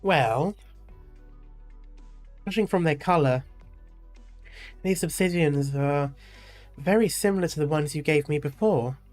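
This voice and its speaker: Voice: medium pitch, a little slow, long pauses, darkish tone, soft background music, close to an everyday voice. A streamer reading out a cautious man in a game's story, hedging and reluctant in an everyday voice.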